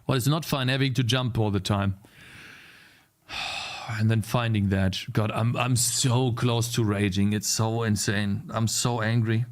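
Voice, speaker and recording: In a fairly low, fairly even voice, a young man works unhurriedly through his live coding stream. Frustrated, he mutters while debugging and addresses his chat.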